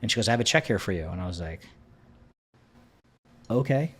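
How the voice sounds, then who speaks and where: Lively low-voiced man telling a story. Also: brisk, husky. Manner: animated, acts out quoted dialogue. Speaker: podcast guest. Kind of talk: casual storytelling.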